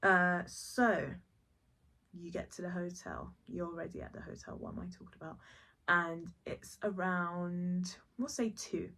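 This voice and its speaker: A woman's voice: lowish voice, unhurried, bright, forceful tone. A young woman improvising a second-person story for her podcast, chatty and rambling, correcting herself with casual asides. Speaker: podcast host.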